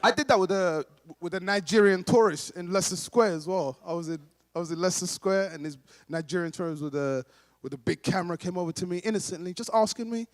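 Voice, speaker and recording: A man's voice: high-pitched, fast. A man performing stand-up comedy at a charity dinner, telling playful stories and laughing along. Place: large dinner hall. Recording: long hall reverb.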